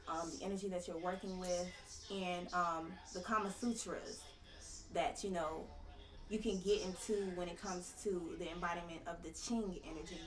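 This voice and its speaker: A woman's voice: on the low side, recorded from a distance. A woman speaking as a podcast guest on tantric sex, explaining with conviction and loose slang in casual conversation. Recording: roomy, a little off-mic.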